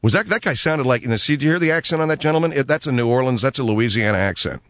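A man hosting a call-in radio show, wry and relaxed, with frequent fillers. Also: medium pitch, racing, no echo. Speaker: radio talk show host.

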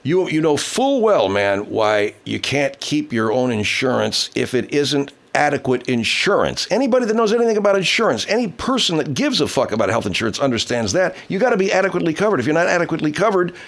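A man's voice: on the high side, sing-song, quick pace, creaky, few pauses. A man hosting a casual livestream, reading viewer comments, swearing heavily and ranting angrily. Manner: baby talk to his pet cat. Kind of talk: casual profane livestream chat.

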